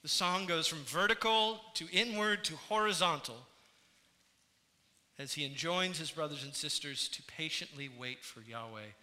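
High, bright-voiced man preaching in a hall. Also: normal speed. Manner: earnest preaching, swinging from hushed to emphatic. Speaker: pastor. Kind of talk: sermon. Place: church sanctuary. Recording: reverberant hall sound.

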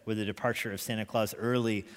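Man, preacher, sermon storytelling, animated, reverberant church hall. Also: fairly low pitch, fast talker. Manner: animated storyteller, chuckles often. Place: church sanctuary.

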